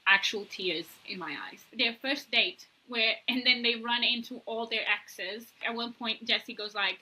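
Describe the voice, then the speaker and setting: A young woman co-hosting a casual book-discussion podcast, talking in an animated, gushing way and swearing freely. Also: on the high side, measured pace, few pauses, low-quality recording. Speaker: podcast co-host.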